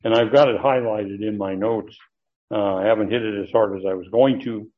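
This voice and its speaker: A man teaching a Bible passage to a class, earnest and emphatic, slowing down to stress key words as he reads from his notes. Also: on the low side, fairly even intonation. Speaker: pastor teaching a Bible study. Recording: dull lo-fi recording.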